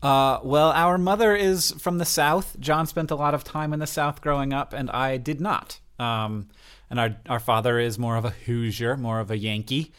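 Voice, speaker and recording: A man's voice: mid-range voice, normal speed, a bit bright, clear, resonant tone. Rambling, chatty male podcast co-host. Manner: explains things with lots of filler and restarts. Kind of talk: casual chat.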